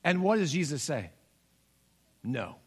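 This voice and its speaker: A man's voice: fairly high pitch, very animated, unhurried, husky. A man in his forties preaching a sermon as pastor, telling stories and acting out the voices in them. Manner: storytelling, acts out voices in quotes.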